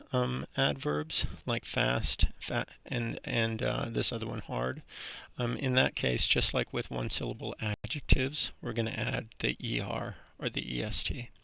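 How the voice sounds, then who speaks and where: A man teaching an English grammar lesson in a relaxed, halting way, with frequent ums and restarts. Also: mid-range voice, gravelly, no echo.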